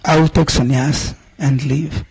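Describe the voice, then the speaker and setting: A man voicing a calm, resolute male lord who firmly states his decision. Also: on the high side, a little slow, vocal fry, slight background noise.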